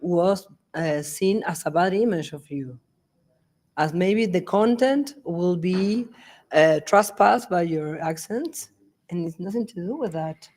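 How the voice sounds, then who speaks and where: A woman with a Latin American Spanish accent, a guest on a live podcast, speaking English in a reflective, measured way. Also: on the low side, darkish tone, rough recording.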